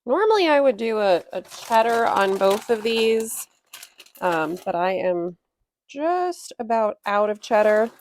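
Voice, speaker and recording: A woman in her thirties chatting casually through a home cooking vlog in her kitchen, relaxed, with small laughs and fillers. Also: fairly high pitch, measured pace, slight background noise. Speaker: homestead cooking vlogger.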